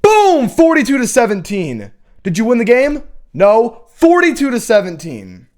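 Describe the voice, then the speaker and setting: A man's voice: high voice, huge pitch swings, a little slow, darkish tone. A young man hosting a college football show, talking in a casual, opinionated, rambling rant with many restarts.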